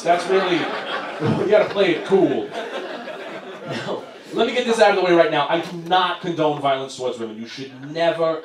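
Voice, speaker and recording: A young man doing a stand-up comedy set, telling a story loudly and acting out the quotes. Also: medium pitch. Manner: loud, animated storytelling with acted-out quotes. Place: comedy club stage. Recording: echoey club room, recorded from a distance, crowd noise. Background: audience laughing.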